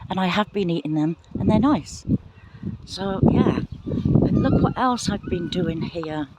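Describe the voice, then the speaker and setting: A woman giving a casual tour of her garden plot outdoors in the wind, talking excitedly and apologetically into a handheld phone camera. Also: mid-range voice, a little slow. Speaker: gardening vlogger.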